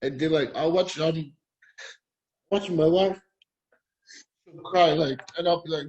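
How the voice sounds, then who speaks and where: A Polynesian man talking candidly as a guest, in a hesitant, halting, soft-spoken way. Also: a little high, dull audio. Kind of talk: candid personal conversation.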